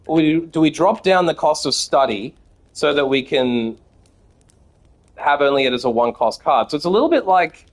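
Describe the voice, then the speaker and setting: An Australian man streaming a card game, chatting with viewers and swearing freely as he plays. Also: medium pitch. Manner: chatty and profane, talking to chat. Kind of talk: casual gameplay commentary.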